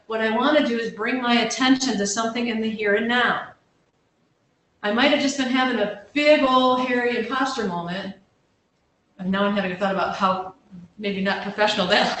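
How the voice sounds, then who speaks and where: A woman counselor gives an informal workshop talk in a slightly high, a bit bright voice, with fairly even intonation and a moderate pace. She's conversational and self-deprecating, often restarting and asking questions to check the audience is following. The distant mic picks her up in a very echoey room with a faint background hum.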